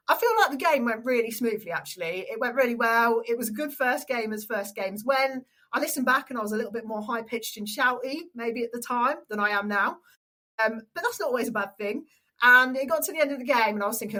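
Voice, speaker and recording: A young adult woman with an English accent, a stadium announcer and radio presenter telling an animated story in an interview. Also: fairly high pitch, fairly quick, low-quality recording. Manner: animated storyteller, acts out quoted voices.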